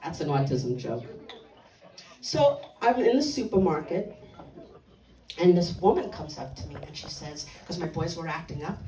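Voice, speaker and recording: An older woman doing a stand-up comedy set on a club stage, delivering blunt, dark one-liners with punchy timing. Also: low voice, expressive, moderate pace, pauses often, roomy sound, distant mic, low-quality recording.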